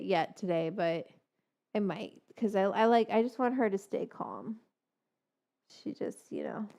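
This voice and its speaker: A woman's voice: mid-range voice, darkish tone, clean tone. A woman in her thirties hosting a casual cooking vlog, chatty and rambling, breaking off to baby-talk to her dog. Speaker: cooking show host.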